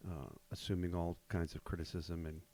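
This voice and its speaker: A man hosting a podcast, chatting casually with measured, dry humor. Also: low-pitched, little pitch movement, warm tone. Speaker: podcast host.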